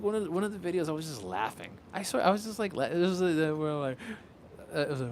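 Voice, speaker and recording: A man's voice: a little high, big pitch swings, quick pace, a little mellow. A man from Puerto Rico talks casually on a livestream. He rambles, repeats words, restarts often and swears freely. A faint hum of ambience sits behind his voice. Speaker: content creator.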